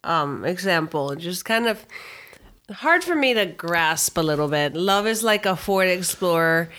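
A woman's voice: on the low side, lively intonation, measured pace, a bit bright. Giggly questioning woman co-host. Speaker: podcast co-host. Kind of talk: casual relationship podcast chat.

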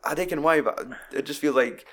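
A man's voice: on the high side, brisk, fairly bright tone. A man, co-hosting a podcast about films, rambling and swearing freely as he retells scenes. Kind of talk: casual film chat.

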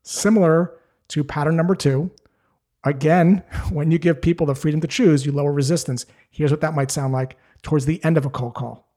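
A man's voice: a little high, fairly even intonation, a little fast, warm tone. A man giving a scripted, direct instructional talk as a sales coach, explaining things steadily.

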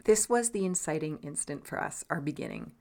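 A woman co-hosts a podcast, telling the story in an earnest, scripted style. Her voice sits low for a woman. She narrates steadily and with feeling. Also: sing-song, fairly quick, creaky, darkish tone. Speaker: podcast co-host.

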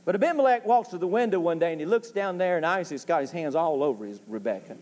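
A church sanctuary's long reverb surrounds a man preaching a folksy, joke-filled sermon that builds to emphatic calls for an amen. His voice is a little high and darkish, animated and quick-paced.

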